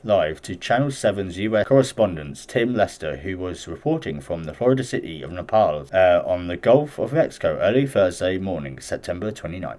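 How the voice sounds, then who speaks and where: A man's voice: sits low, darkish tone. A man hosting a casual show, reading news stories aloud and reacting bluntly, swearing freely between the lines. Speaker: host.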